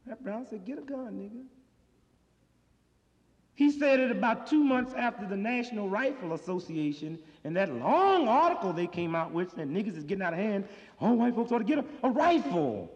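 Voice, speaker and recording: Man, stand-up comic, high voice, swooping delivery, sardonic, old dull live recording in an echoing hall. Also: sing-song, fairly quick, a little mellow. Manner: streetwise, sardonic, with swelling emphatic outbursts. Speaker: stand-up comedian. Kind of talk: stand-up routine.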